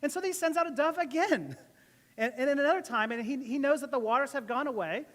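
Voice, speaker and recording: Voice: high voice, fast, a bit bright, in a large hall. A pastor giving a casual, joking sermon to a church, often laughing between points. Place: church service.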